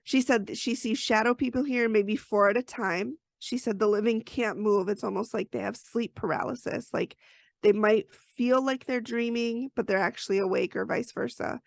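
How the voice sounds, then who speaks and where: Gravelly, chatty woman podcast host. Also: fairly high pitch, fairly even intonation, normal speed, dry recording. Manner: chatty storytelling with asides. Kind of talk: casual podcast recap.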